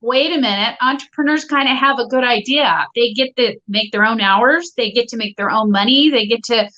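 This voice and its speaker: High bright woman on a dull call line. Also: brisk. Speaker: podcast co-host, entrepreneur. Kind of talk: casual business talk. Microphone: remote connection, delayed line. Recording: dull lo-fi online call audio.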